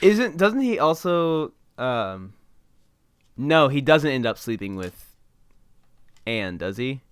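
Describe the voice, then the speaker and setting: A man co-hosting a podcast, chatting casually about a sitcom with quick interjections. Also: mid-range voice, big pitch swings, smooth, dry recording, clean studio sound. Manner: quick interjections, laughs along. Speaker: podcast co-host. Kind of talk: casual chat recapping a sitcom episode.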